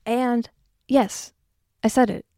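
A woman's voice: a little high, steady tone, slow pace, warm tone, dry recording, studio quality. A young adult woman hosting her own podcast from her basement, chatty and self-mocking, swearing freely and short of breath. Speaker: podcast host. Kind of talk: casual solo podcast chat. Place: home basement.

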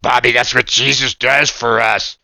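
A man voicing an excitable, earnest young male puppet friend on a radio show, gushing and eager to jump in. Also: mid-range voice, moderate pace, vocal fry, dry recording. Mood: fervent. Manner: gushing, eager, keeps jumping in. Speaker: puppet co-host.

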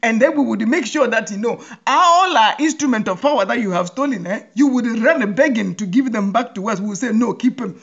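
Woman host, comic rallying monologue, laughs through lines, very lively pitch, dull lo-fi sound. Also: a little fast, creaky, few pauses. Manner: laughs often, repeats phrases for effect; lively, mock-rallying address. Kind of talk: humorous monologue.

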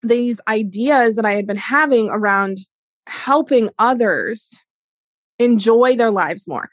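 Middle-aged woman, a touch high, solo podcast talk, candid and chatty, dry close sound. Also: slow pace, no room sound. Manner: candid, chatty, heavy use of "like". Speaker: wellness educator and business owner. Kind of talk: casual solo podcast monologue.

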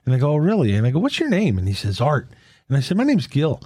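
A man recounting a faith moment with earnest conviction, his pitch rising and falling animatedly as he acts out both sides of a conversation. The sound is close and dry, with no room around it. He speaks at a middling pitch. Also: fast talker, husky, no room sound. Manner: earnest testimony, retelling dialogue in a lively back-and-forth. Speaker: Catholic men's fellowship leader. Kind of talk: faith-sharing conversation with storytelling.

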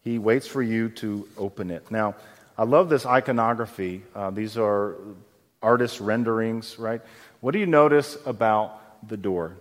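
A man preaches a sermon as pastor in a conversational way, often putting questions to his congregation. His voice is on the low side and unhurried, and the recording carries a long hall reverb.

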